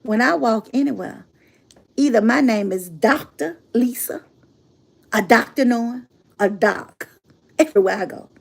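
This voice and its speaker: A woman's voice: a little high, gravelly, a little mellow, slightly rough. A middle-aged woman talking casually to her audience in a sassy, emphatic way, laughing often and repeating herself for effect. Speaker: motivational speaker and channel host. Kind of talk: casual livestream monologue.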